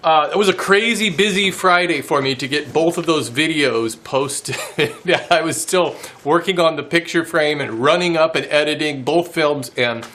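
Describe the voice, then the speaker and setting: A man's voice: a little high, moderate pace, a bit bright, a little hiss or hum. A man hosting a woodworking channel, chatting casually to camera and laughing often at himself.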